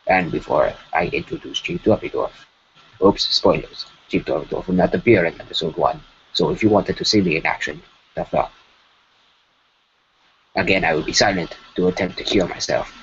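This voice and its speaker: While animating on a live stream, a man with a low voice chats casually at a normal speed. He rambles and stammers, restarting often. The stream audio is dull and lo-fi, with faint noise.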